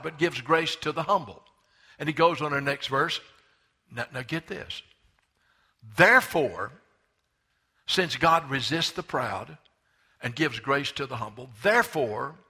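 Pastor, man, 70s; fairly high, forceful, emphatic sermon delivery. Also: husky. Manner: emphatic preaching, slows and stresses scripture readings.

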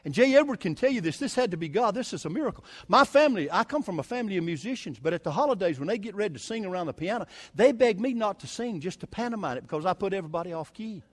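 A preacher tells a story from the pulpit, his voice fairly high for a man. He is emphatic and folksy, leaning into key words with a touch of humor. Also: lively intonation, racing, few pauses, dry recording. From Southern United States. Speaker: evangelist preacher. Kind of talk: sermon storytelling.

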